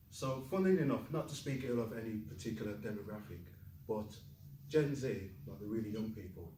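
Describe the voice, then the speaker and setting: Lively male teacher quizzing his class. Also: medium pitch, quick pace, reverberant, distant mic, background noise. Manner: lively, asks the class questions, jokes. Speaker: Chinese teacher. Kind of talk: classroom lesson.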